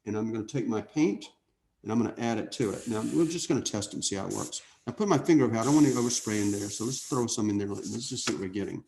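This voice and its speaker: A man teaching an airbrush painting lesson in a relaxed way, thinking out loud and often checking in with "okay?". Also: fairly low pitch, fast, creaky, a little hiss or hum. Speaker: art instructor. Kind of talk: casual painting demonstration.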